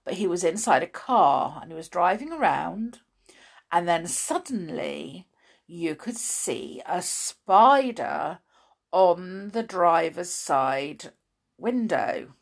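A woman's voice: lowish voice, big pitch swings, creaky. A woman hosting a podcast in a playful, chatty way, drawing out words for emphasis. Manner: playful, drawn-out emphasis, chatty with many fillers. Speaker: podcast host. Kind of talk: casual chat to listeners.

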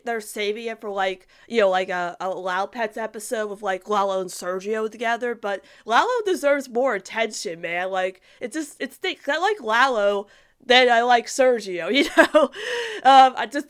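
A woman's voice: mid-range voice, a bit bright, smooth. A young woman chatting casually as a host, rambling with lots of fillers and restarts while reading viewer comments. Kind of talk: casual fan chat.

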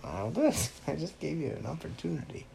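A man's voice: a little high, a little fast, vocal fry, slight background noise. Dad-type guy making up a silly story for his kid, voice bounces all over. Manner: playful, animated storytelling. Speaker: parent telling a story to a child. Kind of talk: improvised bedtime story.

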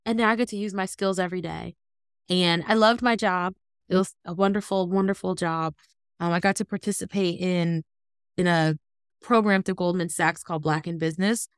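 A woman in her thirties, a guest on an interview, telling her story in an animated, earnest way. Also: on the low side, normal speed, clear, resonant tone, no echo, clean studio sound. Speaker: guest, entrepreneur.

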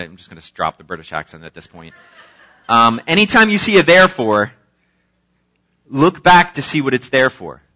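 A man delivers a sermon in a bright, forceful voice, reading scripture and then expounding on it earnestly. The recording is dull and lo-fi, and the sound is close and dry with no room echo. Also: mid-range voice. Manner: earnest, emphatic preaching with occasional fillers. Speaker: preacher.

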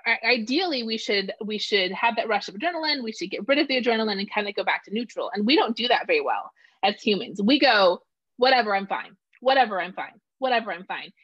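A woman's voice: mid-range voice, quick pace, breathy edge, no echo. A middle-aged woman in casual conversation, talking animatedly and acting out quoted voices. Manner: animated, acts out voices when quoting. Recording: dull lo-fi sound.

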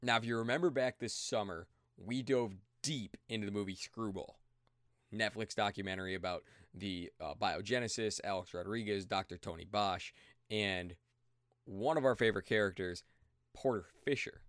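A man's voice: on the low side, normal speed, fairly bright tone, no echo, clean studio sound. A man hosting a podcast, introducing an interview segment in an upbeat way. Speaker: podcast host.

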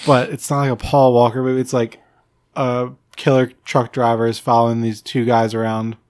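Man, podcast co-host, casual banter, playful, argumentative, mid pitch, dry close sound. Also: monotone, moderate pace, darkish tone, clean tone, no echo. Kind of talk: casual chat.

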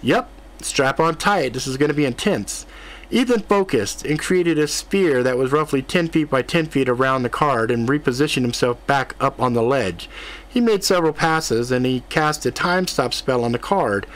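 A male narrator reads a fantasy novel aloud at an even, steady pace. His voice sits right in the middle of the usual male pitch range, neither deep nor high. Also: moderate pace. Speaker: audiobook narrator. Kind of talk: scripted audiobook narration.

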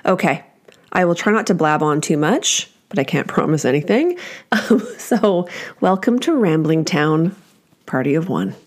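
A woman's voice: low voice, big pitch swings, measured pace. A middle-aged woman hosting a casual solo podcast from home, chatty and self-deprecating, laughing often as she talks. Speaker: podcast host.

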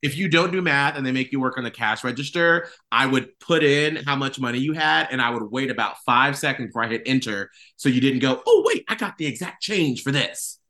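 A man in a casual interview, telling self-mocking stories in an animated way. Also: medium pitch, brisk, few pauses. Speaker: radio host guest.

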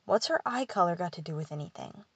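A calm, curious young nobleman from an audiobook fantasy, voiced by a woman narrator. His tone stays low and even, wondering rather than alarmed. The recording is dry and close-miked. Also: fast, slightly rough, no echo, dull audio. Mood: puzzled. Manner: calm, wondering, gently amused. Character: curious young man, a prince's brother.

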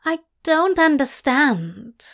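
A woman's voice: on the high side, lively intonation, slow pace. A woman voicing a fussy, earnest male angel with prim, old-fashioned manners.

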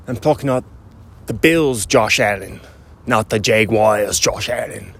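A man's voice: lowish voice, measured pace, vocal fry, fairly bright tone. A man hosting a casual solo sports podcast. He is goofy and jokey, and now and then slips into a mock British voice. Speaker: podcast host.

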